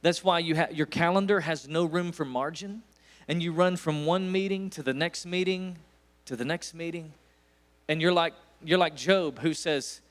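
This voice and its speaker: At a moderate pace and in a slightly high voice, a forties-aged guest preacher from East Tennessee spins a storytelling sermon. His folksy manner keeps swelling into emphatic high points.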